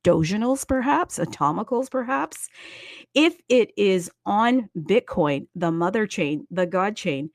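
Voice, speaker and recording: A woman's voice: mid-range voice, expressive, measured pace, dry recording. A woman hosting a casual crypto show, chatty and playful, with singsong greetings and plenty of asides. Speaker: host.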